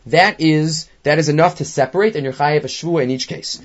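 A man teaching a Talmud class, animated, with many rhetorical questions. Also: fairly high pitch, fast, few pauses. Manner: animated, mixes Hebrew and Aramaic terms, rhetorical questions. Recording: dull lo-fi recording.

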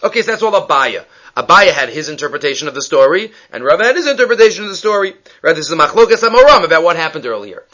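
A man leads a text-study lecture with a bright, forceful tone and a slightly high pitch. He keeps checking in with the listener, asking "right?", and he acts out the people in the stories he tells. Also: racing, lo-fi sound. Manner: lively, questions the listener with frequent "right?". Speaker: Talmud teacher.

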